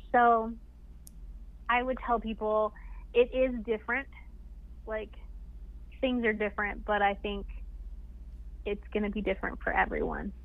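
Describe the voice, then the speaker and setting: A woman's voice: medium pitch, little pitch movement, a little slow, pauses often. A woman chatting casually as a podcast guest, laughing often and filling her talk with "like". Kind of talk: casual interview chat. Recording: tinny phone line.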